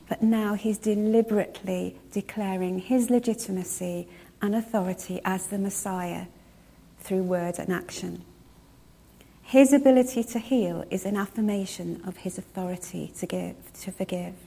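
A woman preaching a sermon, retelling a story in a measured way and slowing down to stress key words. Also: mid-range voice, warm tone, breathy edge.

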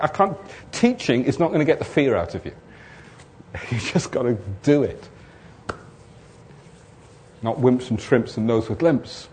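Guy preaching, acts out both sides of a chat then gets loud and pushy about it. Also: mid-range voice, a little hiss or hum. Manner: acts out both sides of conversations, rising to emphatic exhortation. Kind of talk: sermon with storytelling.

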